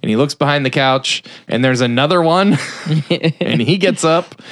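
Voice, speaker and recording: A man's voice: mid-range voice, normal speed, clear, resonant tone, no room sound, studio quality. A man casually retelling a film's plot on a review podcast, rambling and swearing with many fillers. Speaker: film review podcast host. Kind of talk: casual chat.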